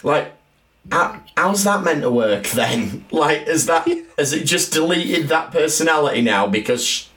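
A man's voice: on the high side, lively intonation, measured pace, a bit bright, recorded from a distance. Wry man chatting casually. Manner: wry, sarcastic jokes. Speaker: podcast co-host. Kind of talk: casual chat reviewing a TV episode.

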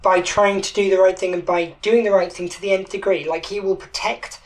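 A woman's voice: medium pitch, fairly even intonation, a little fast, rough recording. Enthusiastic woman podcast co-host. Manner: enthusiastic, restarts sentences. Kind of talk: casual chat.

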